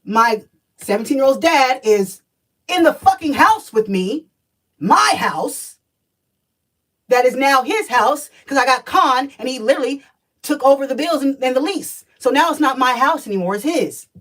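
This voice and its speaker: A woman in her thirties tells her story in a casual vlog, blunt, profane and emphatic. Her voice sits a little high and sounds somewhat distant from the mic. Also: animated, moderate pace, a bit bright. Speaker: spiritual energy reader.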